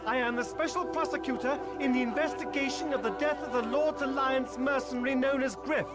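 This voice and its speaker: A man's voice: extremely high pitch, fairly even intonation, a little fast, loud music behind the voice, pitched above the performer's own voice. A man voicing a boastful male prosecutor, reading the game's lines in a pompous manner. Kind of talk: reading game dialogue aloud.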